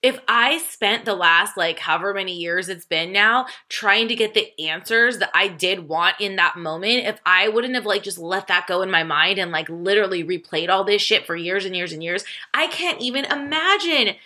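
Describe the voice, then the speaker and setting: A woman hosting a self-help podcast as a life coach, talking casually, laughing often, swearing freely and jumping way up in pitch when she quotes herself. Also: normal speed, hardly any pauses, pushed and bright. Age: adult, divorced.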